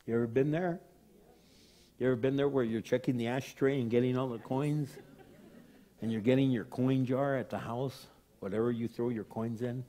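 A man's voice: medium pitch, fairly even intonation, normal speed, warm tone. An older man, a pastor giving a sermon in a conversational, storytelling way.

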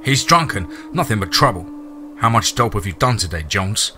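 A man voicing a hostile, hot-headed male police officer who shouts accusations. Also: fairly low pitch, expressive, moderate pace, soft background music. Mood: furious.

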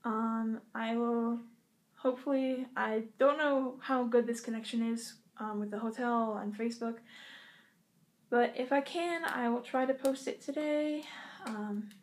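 Young woman vlogger with a somewhat high voice, talking to camera in a halting, earnest way from a hotel room. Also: fairly even intonation. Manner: halting and earnest, with many pauses and restarts. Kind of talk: casual heartfelt address to camera.

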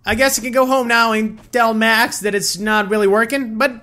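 A young man giving excited, loud gameplay commentary as a gaming video host. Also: sits high, moderate pace. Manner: hyped, loud exclamations and laughter. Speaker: gaming YouTuber. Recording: background music under voice.

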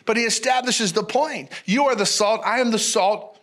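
A male pastor preaching a sermon in an animated, folksy way, repeating phrases and calling out to the congregation. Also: high voice, a little fast. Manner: animated, repetitive, folksy preaching with audience call-outs.

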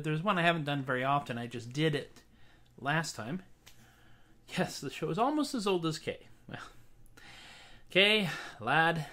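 This man's voice runs a bit high, bright and forceful. He's a singer-songwriter hosting a laid-back solo livestream, filling the gaps between songs with rambling, wry, self-mocking webcam chatter.

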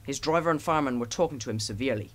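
A man narrating a children's storybook as an audiobook, in an even, gentle storytelling manner. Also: mid-range voice, racing. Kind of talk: storybook reading.

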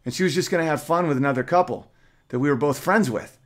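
A man's voice: a little high, quick pace. A man, a podcast host, earnestly reading an emotional personal story aloud.

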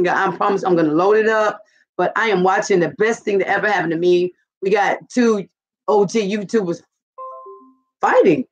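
A woman hosting a casual live stream, rambling and gossiping with lots of profanity. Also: medium pitch. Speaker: channel host. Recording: muffled lo-fi recording.

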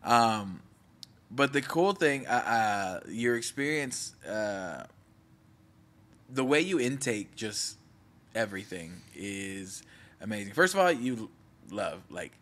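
A man's voice: fairly low pitch, lively intonation, slow pace, pauses often, fairly bright tone. A young man hosting a casual podcast, talking earnestly and rambling, laughing easily. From Mexican-American. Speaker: podcast host. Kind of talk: casual chat.

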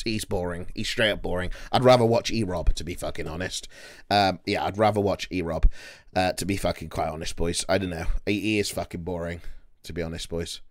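A man's voice: low voice, no room sound, studio quality. Brash, foul-mouthed male streamer. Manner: brash, profane, mocking. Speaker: livestreamer. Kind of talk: casual live-stream chat.

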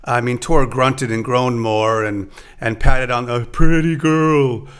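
A man's voice: medium pitch, fairly even intonation, takes it slowly, smooth. A man hosting a podcast and chatting casually with his guest. He hesitates often and restarts his sentences. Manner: conversational, hesitant with frequent restarts. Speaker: podcast host. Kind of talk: casual chat.

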